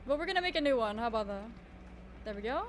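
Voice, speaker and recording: High-voiced chatty woman streaming. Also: animated, fast, slight background noise. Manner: chatty, self-mocking, trailing restarts. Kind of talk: casual live-stream chat while drawing.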